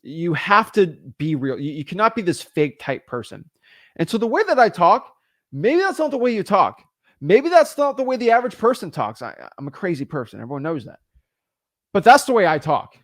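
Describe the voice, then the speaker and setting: Lively man coaching real estate sellers. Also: high-pitched, no echo, studio quality. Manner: animated, quick restarts and repeated words. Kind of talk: energetic teaching with phone role-play. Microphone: studio microphone.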